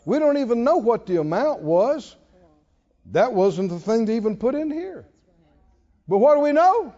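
Man, pastor, very high voice, lively swoops, dull lo-fi recording. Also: moderate pace, long reverb tail. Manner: emphatic preaching, calls out to the congregation. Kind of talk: sermon.

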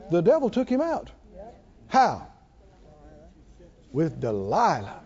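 A man's voice: a little high, wildly swooping pitch, slow, long pauses, dark tone, slightly rough. A man preaching a sermon in a church, asking rhetorical questions and drawing responses from the congregation. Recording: muffled lo-fi recording.

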